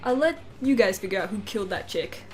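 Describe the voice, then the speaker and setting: A woman reading aloud the lines of a blunt teenage tough guy who hates thinking, in a casual, flat way. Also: medium pitch, fast talker, close to an everyday voice. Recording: game music playing underneath.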